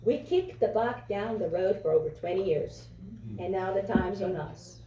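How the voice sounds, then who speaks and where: A woman's voice: mid-range voice, moderate pace, mellow, a little hiss or hum. A woman from Europe with a foreign accent, giving an impassioned, repetitive campaign speech at a fundraiser. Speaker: political candidate. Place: fundraiser venue. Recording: echoey room from far off.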